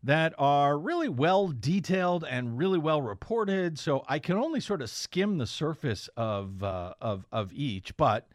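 A man's voice: a little high, measured pace, hardly any pauses, no room sound. Guy doing a sarcastic political radio monologue, voice bouncing all over, dead dry mic. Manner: sardonic, animated, pointed. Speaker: radio host and investigative blogger.

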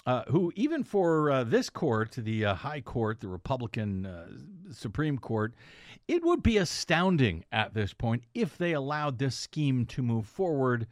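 A man delivering opinionated political news commentary with a sarcastic bite and a halting, filler-laden flow. His voice sits at an ordinary middle pitch for a man and is recorded dry and close, with almost no room sound. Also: very animated, no room sound.

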